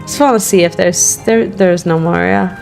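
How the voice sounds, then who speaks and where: A woman's voice: fairly low pitch, moderate pace, gravelly, music in the background. Giggly chatty woman gaming streamer. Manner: giggly, chatty, lots of fillers. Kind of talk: casual game commentary.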